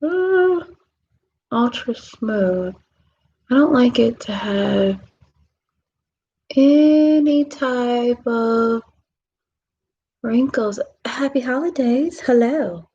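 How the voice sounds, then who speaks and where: A woman vlogger in a relaxed self-care chat, talking softly and drawing out her words, often dropping into a whisper. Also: fairly high pitch, slightly rough, dull audio. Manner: slow, drawn-out, soft, drifting into whispers.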